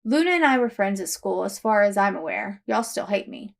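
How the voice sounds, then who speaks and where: A woman's voice: medium pitch, animated, a little fast, creaky. A woman voicing a wry young adult man in a read-aloud story, in a lightly voiced reading manner.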